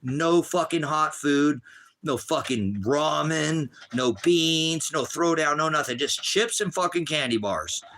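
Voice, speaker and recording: Middle-aged man, bright edgy voice, rambling profane livestream rant. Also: fairly high pitch, slow pace.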